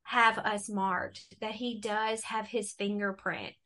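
A middle-aged woman telling her faith testimony in a relaxed conversation, animated and acting out the voices she quotes. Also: medium pitch, slow pace. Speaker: guest.

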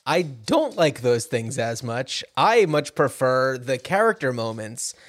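A man's voice: medium pitch, very animated, unhurried, dry recording. A man co-hosting a casual movie-chat podcast in an easygoing way, often filling gaps with "you know.". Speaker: podcast co-host.

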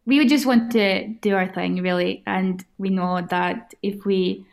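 A woman's voice: medium pitch, steady tone, a little slow, creaky. A woman guest whose first language is Swedish and whose English carries a Scottish-sounding accent; she answers casually and sometimes searches for words. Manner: searches for words, hesitant restarts. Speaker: band member guest.

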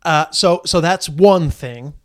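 Podcast host, man, slightly higher voice, loose chatty delivery. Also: slow. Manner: loose and rambling, lots of fillers. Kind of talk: casual podcast chat.

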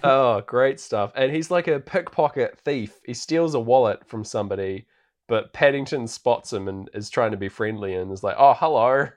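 Man, podcast co-host, casual rambling recap, lots of ums and likes, laughs a lot, mid-pitched voice. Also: normal speed. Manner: rambling, laughs often, many fillers. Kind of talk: casual film-review chat.

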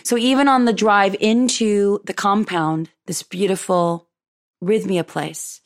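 A woman hosting a show, chatting warmly through a personal story, laughing often and acting out what people said. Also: mid-range voice, fairly even intonation, takes it slowly. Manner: effusive and chatty, laughs often, retells dialogue. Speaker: podcast host.

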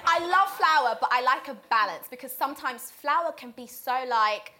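A woman's voice: high-pitched, animated, normal speed, background noise. A woman whose first language is not English, chatting on a podcast, hesitant and self-deprecating. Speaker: podcast co-host. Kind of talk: casual chat.

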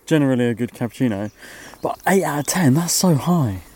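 A man's voice: mid-range voice, animated, mellow. A man chatting wryly in a van about a roadside café. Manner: wry, chatty, quick to tease. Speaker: vlogger. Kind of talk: casual chat. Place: parked van at a viewpoint.

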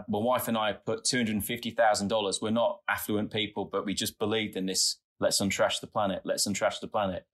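A man's voice: on the low side, fairly bright tone. A middle-aged Australian man telling earnest, chatty stories as a guest in a casual interview. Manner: earnest, chatty, tumbling anecdotes. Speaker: podcast guest, founder.

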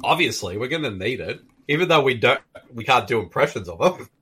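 A man co-hosting a podcast in casual chat, excitable and quick to laugh. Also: medium pitch. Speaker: podcast co-host.

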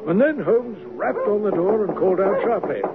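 A man's voice: high voice, very animated, normal speed. An actor playing a flustered, loyal male doctor who also narrates a radio drama, with a hesitant, stammering manner. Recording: tinny lo-fi radio broadcast with faint hiss.

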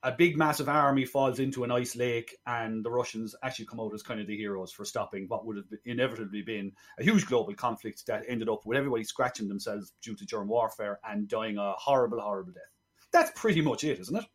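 A man's voice: medium pitch, quick pace. Chatty man retelling a film plot. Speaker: film podcast co-host. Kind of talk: casual film review chat.

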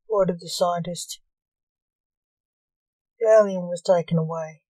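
A woman narrates a short story in a plain, unhurried way. Her voice is mellow and slow-paced. The recording is close and dry. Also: on the low side, steady tone, no room sound, rough recording. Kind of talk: reading a short story aloud.

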